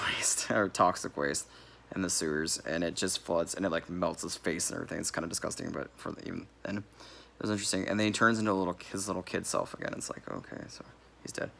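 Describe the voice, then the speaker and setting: A man's voice: deep voice, vocal fry, fairly bright tone. A man giving a casual, rambling movie review, correcting himself as he goes and laughing here and there. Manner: laughs now and then while talking.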